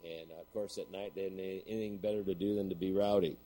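A man's voice: sits low, steady tone, fast, warm tone, slight background noise, poor audio. A middle-aged man preaching a sermon, telling a story and then building to emphatic points. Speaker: pastor.

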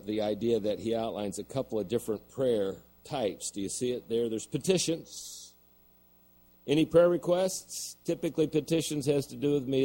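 A man's voice: mid-range voice, dark tone, low-quality recording. A middle-aged man preaching a sermon, telling a story and then building to emphatic points. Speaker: pastor.

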